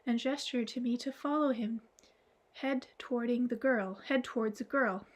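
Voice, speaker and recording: A woman narrating an audiobook at a steady pace, stumbling and restarting now and then. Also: on the high side, moderate pace. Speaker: audiobook reader.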